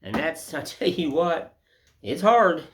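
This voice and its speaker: Man, woodcarver, folksy rambling chat, a bit high, loud tool knocks under the voice. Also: very animated, slow. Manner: folksy, rambling, down-home sayings. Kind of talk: casual chat while carving. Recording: loud workshop tool noise. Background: loud chisel and mallet knocks.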